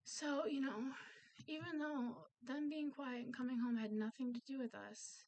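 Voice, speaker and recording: A woman's voice: high-pitched, steady tone, moderate pace, a little mellow. A woman talking candidly in a personal vlog, earnest and confiding, often trailing off with fillers. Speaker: vlogger. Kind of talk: personal vlog, candid talk about mental health.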